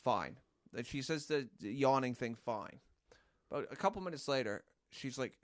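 A man's voice: medium pitch, moderate pace, no room sound, clean studio sound. A man co-hosting a podcast, telling an indignant story in casual chat. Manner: animated, indignant anecdote telling. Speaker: podcast co-host.

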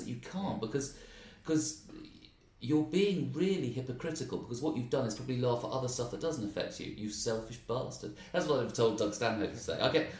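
A man with an English accent, a stand-up comedian telling animated, ranting stories in a casual interview chat. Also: mid-range voice. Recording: roomy, distant mic.

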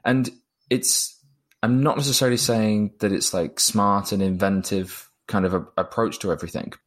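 A man's voice: on the low side, fairly even intonation, moderate pace. Thoughtful man musing on a film. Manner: thoughtful, hesitant, repeats words. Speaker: film reviewer. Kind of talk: casual film discussion.

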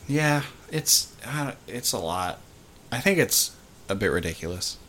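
A man's voice: mid-range voice, sing-song, a little slow, fairly bright tone, a little hiss or hum. A young man co-hosting a podcast in casual chat, blunt and casually profane, with hesitant restarts. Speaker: podcast co-host.

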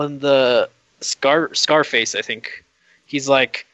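A man co-hosting a podcast, recapping a film in a halting, hesitant way. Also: mid-range voice, fairly even intonation, bright, forceful tone, smooth, dry recording, dull audio. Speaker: podcast co-host. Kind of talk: casual film discussion.

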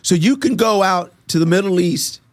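A man being interviewed who gives an earnest, animated faith testimony and acts out the dialogue in his stories. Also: high-pitched, moderate pace, dry recording. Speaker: interview guest.

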